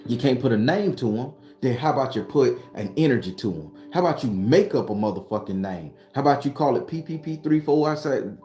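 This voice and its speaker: Sitting behind his home studio, a spiritual vlogger and tarot reader gives a blunt, profane, casual motivational monologue, preaching in repeated phrases. His medium-pitched voice is animated, brisk and mellow, heard in a reverberant space with faint music behind.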